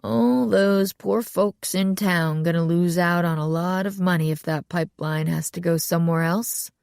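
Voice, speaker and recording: A woman voicing a folksy, mocking male small-town sheriff with a slow drawl. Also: lowish voice, fairly even intonation, vocal fry, darkish tone, clear, resonant tone, dry recording, studio quality.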